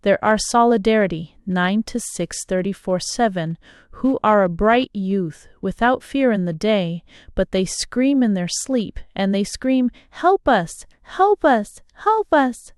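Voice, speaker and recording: A woman reading a novel aloud as an audiobook narrator, in a slow, measured manner. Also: medium pitch, darkish tone, smooth, no echo, studio quality. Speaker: audiobook reader. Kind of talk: scripted narration.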